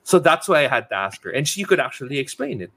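A man in his thirties in casual podcast chat, switching between English and Tagalog, laughing often and tossing in quick asides. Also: medium pitch, very animated, vocal fry, sharp tone. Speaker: podcast co-host.

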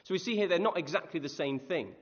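A man preaching a conversational sermon, animated, often asking his listeners questions. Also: fairly high pitch, fast. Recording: echoey hall, dull lo-fi sound.

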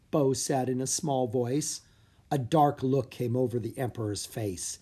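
A reader narrating a children's fantasy audiobook with expressive, animated storytelling. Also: medium pitch, measured pace, slightly rough.

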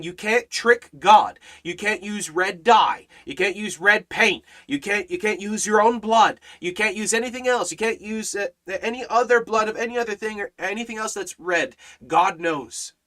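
A man's voice: high-pitched, normal speed, hardly any pauses, sharp tone. A man teaching a Bible study in a preaching style, emphatic and repeating phrases with rising and falling force.

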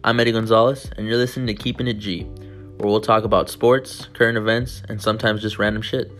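A man hosts his podcast in a loose, rambling monologue, leaning on fillers as he goes. His voice sits a little low. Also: flat delivery, a little fast, a bit bright, soft background music. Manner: rambling, chatty, many fillers. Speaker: podcast host.

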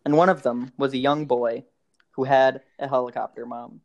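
A man's voice: mid-range voice, steady tone, normal speed, creaky. A young man in casual chat, telling a rambling story with many restarts and frequent laughs.

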